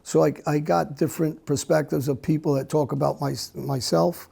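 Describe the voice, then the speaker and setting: Very gravelly, husky and dark, a middle-aged man's voice barely shifts in pitch as he answers a conversational interview with candor. He's blunt and halting, frequently cutting himself off to begin again.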